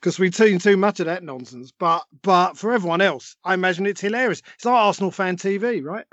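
A man's voice: high voice, fairly quick, fairly bright tone, no echo. A man co-hosting a football fan talk show, wry and joking, often laughing. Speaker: football podcast co-host. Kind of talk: casual fan chat. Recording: dull lo-fi audio.

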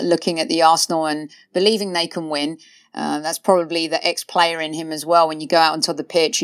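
A woman's voice: low-pitched, no room sound, clean studio sound. A woman hosting a football podcast, chatting casually with many fillers like "uh" and "you know". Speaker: podcast host.

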